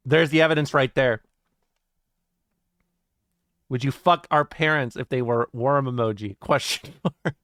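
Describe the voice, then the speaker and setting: A man streams live, reading his chat aloud and joking around with lots of swearing and laughter. His mid-range voice holds a steady tone, runs a little slow with frequent pauses, and sounds fairly bright, with no echo and clean studio sound.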